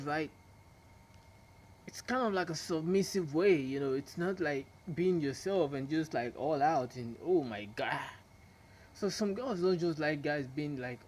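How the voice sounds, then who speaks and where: A young man with a somewhat raised voice rambles through a casual vlog monologue. He laughs often and slips into a low, drawn-out voice when acting out what he said. A faint hiss of noise sits under the recording. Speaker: vlogger.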